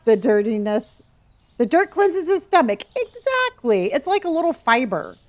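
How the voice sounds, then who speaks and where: Middle-aged lady streamer, kinda high voice, playful and chatty with chat. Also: big pitch swings, moderate pace. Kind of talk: casual live-stream chat with viewers.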